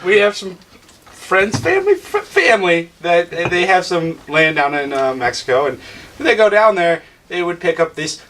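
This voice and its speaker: A podcast guest telling a story in casual chat, throwing in quick joking quips. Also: medium pitch, big pitch swings, a bit bright. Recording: distant off-mic sound.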